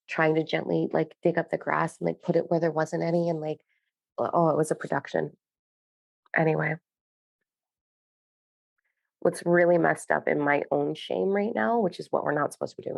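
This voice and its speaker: A woman who works as a spiritual channeler, delivering slow, pausing messages and then chatting casually with many "like" fillers. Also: sits low, creaky, darkish tone, no echo. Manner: frequent filler "like" in chat.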